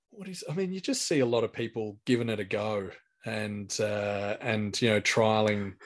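A man in his forties with an Australian accent, telling anecdotes as a comedian guest in a casual interview, restarting his sentences often. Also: on the low side. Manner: rambling anecdotal storyteller with many restarts.

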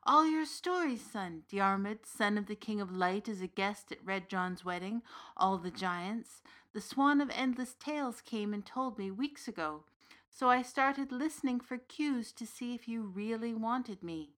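A woman reading the part of a big, gently knowing uncle from the fairy realm in an audiobook story. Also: fairly high pitch, a little slow, voice pushed up. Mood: calm. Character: big warm Irish uncle, old fairy king's son.

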